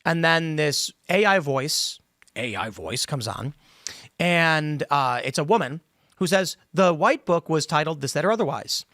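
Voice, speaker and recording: A man's voice: fairly high pitch, animated, a little slow, fairly bright tone, no room sound. A man hosting a panel podcast, opinionated and explanatory, talking at length around a studio table. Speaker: podcast host. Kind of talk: casual panel discussion. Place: studio table with other hosts.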